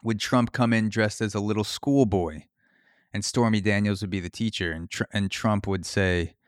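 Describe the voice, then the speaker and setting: A man's voice: on the low side, fairly even intonation, moderate pace, no room sound, clean studio sound. A man hosting a podcast, riffing through a profane comedic solo monologue. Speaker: podcast host.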